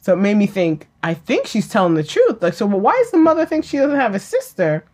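Chatting about a TV drama, this woman gets animated, laughs a lot, and performs lines from the show. She speaks briskly at a medium pitch.

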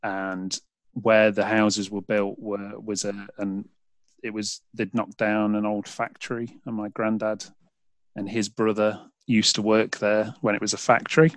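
Low-voiced English man from Derby. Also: level tone, unhurried, no room sound. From England. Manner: rambling storyteller, many restarts. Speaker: podcast host. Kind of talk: casual chat.

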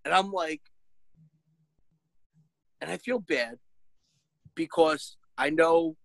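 A man's voice: on the high side, big pitch swings, takes it slowly, vocal fry, dry recording, poor audio. A man chatting casually, telling an exasperated, profane story as a parent. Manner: shouts when quoting himself. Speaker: podcast host, parent. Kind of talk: casual chat.

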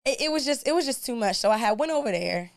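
Animated woman telling a story, dry sound. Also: fairly high pitch, quick pace, gravelly, dry recording. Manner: animated, colloquial storyteller who acts out dialogue. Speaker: podcast guest. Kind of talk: casual podcast storytelling.

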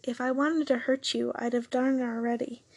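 A woman's voice: a little high, level tone, normal speed, darkish tone, slightly rough, dry recording. Woman reading as a sarcastic young supervillain. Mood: dry. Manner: dry, sarcastic, offhand.

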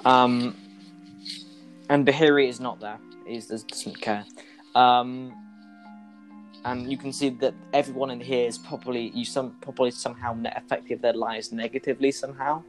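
A man's voice: mid-range voice, level tone, moderate pace, soft background music. Hesitant male game master. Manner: hesitant, lots of ums and restarts. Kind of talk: narrating a tabletop role-playing game.

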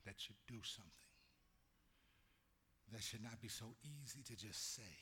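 A male pastor preaching, drawing the congregation into call-and-response and swinging from quiet talk to loud shouts. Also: on the low side, expressive, moderate pace, long pauses, a little hiss or hum. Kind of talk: sermon.

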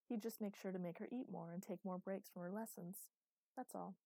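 A woman reading a science fiction audiobook in a steady, even storytelling manner. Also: mid-range voice, brisk, creaky, no echo. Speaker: audiobook narrator. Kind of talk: scripted narration.

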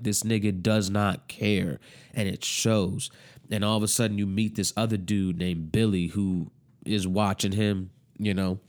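A young man casually recapping a TV show, animated and profane, full of slang. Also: fairly low pitch.

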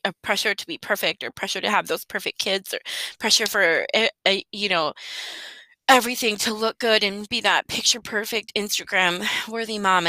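A woman in her thirties, a mother telling a personal story in an emotional, heartfelt monologue with soft laughs. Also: medium pitch, no room sound, rough recording.

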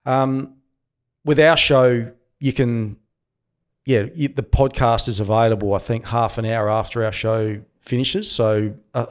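A man in his early fifties with an Australian accent, a former cricketer turned commentator, chatting casually as a guest and laughing at his own stories. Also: mid-range voice. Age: 50s. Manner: relaxed storyteller, laughs at himself. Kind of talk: casual interview chat.

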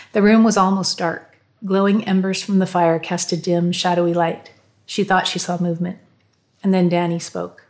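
A woman narrating an audiobook in a calm, measured way. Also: fairly low pitch.

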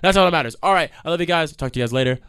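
A man's voice: a little high, racing, a bit bright, slight background noise. Heated, profane young man ranting. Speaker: podcast host. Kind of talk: ranting monologue.

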